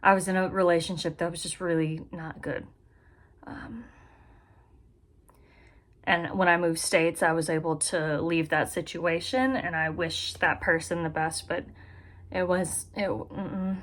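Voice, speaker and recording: A woman's voice: medium pitch, unhurried, a bit bright. Young woman, casual vlog, chatty, giggly, self-deprecating, talking to camera in her bedroom. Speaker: vlogger. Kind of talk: casual life update vlog. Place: bedroom being moved into. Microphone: camera in front of her.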